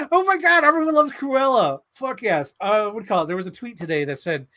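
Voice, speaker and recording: A young man hosting a casual livestream, excitable and quick to laugh, swearing as he talks about movies. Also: high voice. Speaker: livestream host.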